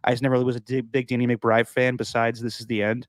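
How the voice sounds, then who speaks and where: A man co-hosting a podcast in casual chat, enthusiastic and quick to laugh. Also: mid-range voice, little pitch movement, dry recording. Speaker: podcast co-host.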